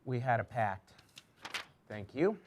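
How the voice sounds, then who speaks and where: A man's voice: mid-range voice, big pitch swings, slow pace, noisy background. Upbeat man hosting a trivia game. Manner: upbeat, chatty, stumbles over names. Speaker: trivia host.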